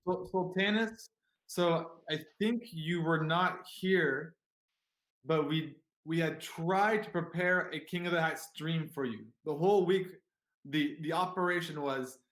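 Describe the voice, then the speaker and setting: A man's voice: on the high side, unhurried, a bit bright. A man hosting a livestream show in a jokey, hesitant way, with many restarts. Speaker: show host. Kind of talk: casual livestream chat. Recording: echoey room.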